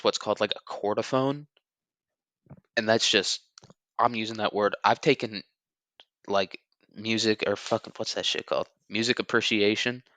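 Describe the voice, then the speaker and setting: A young man in his twenties with a lowish voice talks on his own, loose and rambling, cracking crude jokes and chuckling between thoughts. He sometimes turns an R into a W. The sound is close and dry, with no room around it. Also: sharp tone, no room sound. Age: 20s. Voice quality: sometimes says R like W. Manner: crude, joking, rambling with frequent fillers and chuckles. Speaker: podcast host. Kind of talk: rambling casual monologue.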